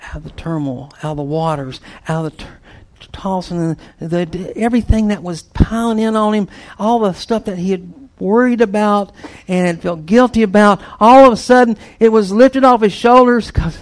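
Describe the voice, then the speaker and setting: A man preaching a storytelling sermon, swinging between loud bursts and hushed near-whispers. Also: high-pitched, moderate pace, hardly any pauses.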